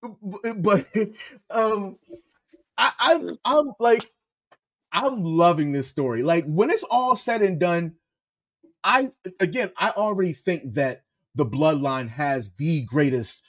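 A man co-hosting a wrestling review podcast, chatting in an animated way and laughing often. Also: sits high, slow pace. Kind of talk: casual podcast chat.

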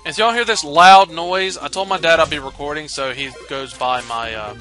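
Bright-voiced young man playing a game. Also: on the high side, normal speed, soft background music. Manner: rambling, casual, swears offhand. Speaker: let's play host. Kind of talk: casual gameplay commentary.

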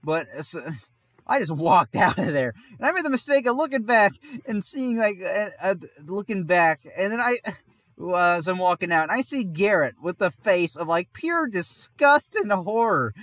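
Male podcast host, slightly high voice, dry close sound, rambling anecdote with frequent laughs. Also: sing-song, normal speed, a bit bright, no room sound. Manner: rambling, laughs often mid-sentence. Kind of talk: casual storytelling.

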